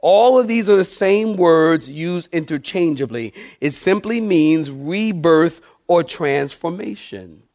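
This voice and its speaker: A man's voice: a little high, expressive, slow pace, few pauses, a little mellow, no room sound, studio quality. A middle-aged man preaching a sermon as pastor, emphatic, repeating key phrases and asking the congregation questions.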